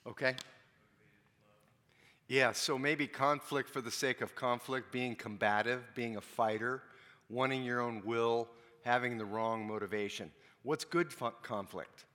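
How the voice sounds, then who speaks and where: A man giving a casual, conversational sermon, often asking the congregation questions. His voice is bright and forward, and long reverb trails off the walls of a church hall. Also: mid-range voice, fairly even intonation, unhurried. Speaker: pastor.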